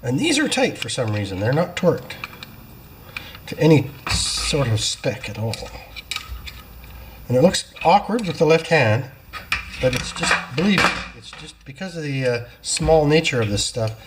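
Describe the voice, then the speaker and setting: Amid background noise in the workshop, a small-engine repair shop owner with a fairly high voice and big pitch swings chats through his work at a moderate pace. He explains every step casually, with self-deprecating and apologetic comments along the way.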